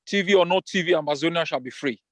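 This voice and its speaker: Emphatic high-voiced Cameroonian man. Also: fast, a bit bright, no echo. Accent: Cameroonian English. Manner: emphatic, defiant, repeats phrases for force. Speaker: political leader. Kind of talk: rallying speech on a video call town hall. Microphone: video call.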